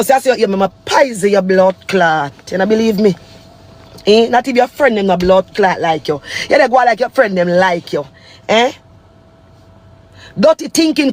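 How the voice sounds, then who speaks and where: A Jamaican man in an angry, profanity-heavy rant, repeating insults over and over. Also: very high-pitched. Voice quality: heavy cursing, repetitive insults. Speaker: vlog subject.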